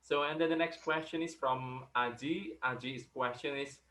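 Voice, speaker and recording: A man's voice: mid-range voice, steady tone, moderate pace, bright, forceful tone. A man from Indonesia hosting an online Q&A, reading out viewer questions with many fillers and restarts. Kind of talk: casual online Q&A. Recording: echoey room.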